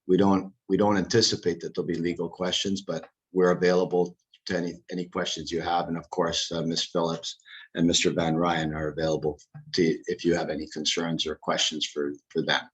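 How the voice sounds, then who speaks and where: A man speaking as a lawyer to a town council, measured and formal, with the odd restart. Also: low-pitched, flat delivery, poor audio.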